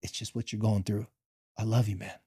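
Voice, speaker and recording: A man quoting his older football coach speaking softly and tenderly, leaning close. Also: lowish voice, level tone, fairly quick, husky, no room sound, voice pushed down. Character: gruff older male football coach, gentle.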